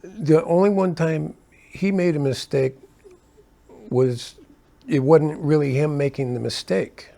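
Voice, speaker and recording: An older man, a keyboardist, telling animated stories from his touring days in a casual way. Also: slow, vocal fry, long pauses. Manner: animated, acts out quotes with rising pitch. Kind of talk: casual storytelling.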